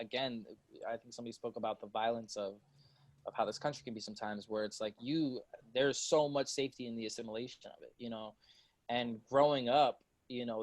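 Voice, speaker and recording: A man's voice: mid-range voice, dry recording. A man on a podcast panel, talking casually in loose slang and laughing often.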